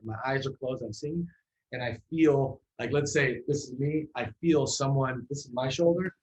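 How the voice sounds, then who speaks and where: A man's voice: mid-range voice, normal speed, poor audio. A man, a musician guest in an interview, telling a story in a loose, casual way with many fillers and restarts.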